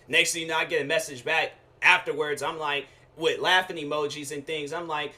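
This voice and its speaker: Bright-voiced young man ranting casually. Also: a little high, fairly quick, few pauses. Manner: casual slangy rant, animated quoted asides. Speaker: show host. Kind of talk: casual storytelling rant.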